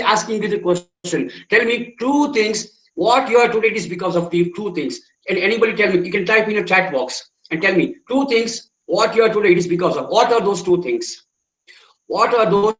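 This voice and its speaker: High-voiced man teaching a webinar. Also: a bit bright, echoey room, rough recording. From India. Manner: repeats phrases and fires rhetorical questions at the audience. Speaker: memory trainer. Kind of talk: online webinar lecture.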